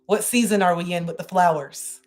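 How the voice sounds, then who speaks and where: A woman's voice: fairly low pitch, fairly even intonation, a little fast, darkish tone. Effusive woman doing a live card reading. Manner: emotional, breathy and effusive, repeats phrases. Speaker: tarot reader and host.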